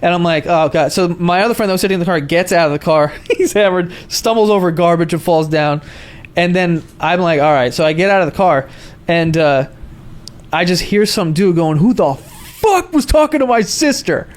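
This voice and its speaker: A podcast host in casual chat, telling a rowdy story, swearing and acting out the other people in it. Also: male voice, on the high side, fairly quick, clean tone. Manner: animated storyteller, swears freely, acts out voices.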